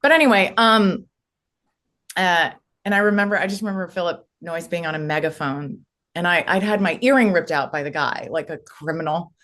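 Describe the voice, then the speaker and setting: Woman from the US, somewhat low voice, casual interview storytelling, rambling, many fillers. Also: moderate pace, a bit bright. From United States. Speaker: actress, podcast guest.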